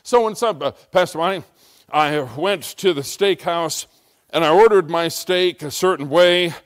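A man's voice: a little high, measured pace. A middle-aged American man preaching a sermon as pastor, telling a story with emphatic rising intensity. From United States.

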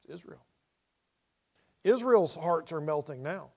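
A man's voice: on the high side, expressive, measured pace, darkish tone, husky. A middle-aged man teaching a Bible study in a conversational way, reading scripture aloud with dramatic inflection.

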